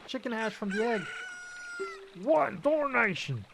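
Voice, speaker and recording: A man's voice: extremely high pitch, very animated, unhurried, vocal fry, noisy background, pitched above the performer's own voice, full character voice. A man voicing a sleepy, bumbling middle-aged ranch owner in an exaggerated put-on rustic accent. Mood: drowsy, startled. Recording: game music playing behind.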